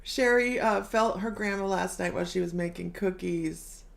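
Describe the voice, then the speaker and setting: A woman's voice: fairly low pitch, normal speed, gravelly. A middle-aged woman hosting a casual live stream as a psychic medium, bubbly, laughing often and reading viewer comments aloud.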